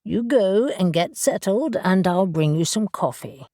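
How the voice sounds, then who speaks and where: A woman voicing a motherly, fussing secretary in her sixties in an audiobook, gentle in manner. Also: medium pitch, animated, a little slow, dry recording, clean studio sound, close to an everyday voice.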